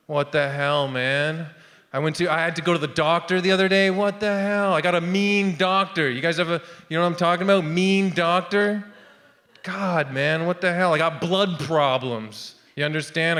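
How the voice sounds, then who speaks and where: A man in his thirties doing a stand-up set on a theatre stage. His voice is high for a man and his delivery rambles, dropping asides to the audience. The sound carries a long, reverberant hall tail. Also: fairly bright tone. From Canada. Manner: rambling, with trailing asides to the crowd. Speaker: stand-up comedian.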